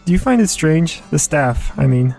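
A woman voicing a relaxed young man on a tropical holiday, a bit lower and louder than her narrating voice. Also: normal speed, faint music behind. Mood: curious. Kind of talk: storybook narration.

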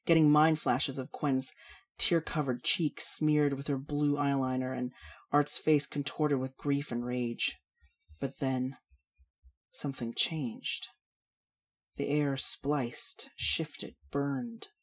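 A woman reading adult fantasy fiction aloud in a steady storytelling manner. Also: a bass voice, takes it slowly. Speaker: reader. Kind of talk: fiction narration.

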